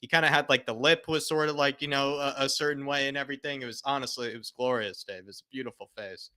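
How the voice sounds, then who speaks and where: A man with a piercingly bright, sharp tone co-hosts a football watch-along at a middling pitch. He rambles through jokey remarks and keeps addressing his co-host by name. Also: steady tone, quick pace, clear, resonant tone.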